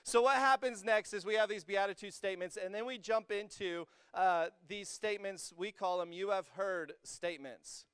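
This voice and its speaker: A young male youth pastor preaching a lively sermon to students. His voice is slightly high and very clear, close and dry on the mic, and he swings from joking asides to emphatic, rising peaks. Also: moderate pace, few pauses, no room sound. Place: church hall with a student congregation.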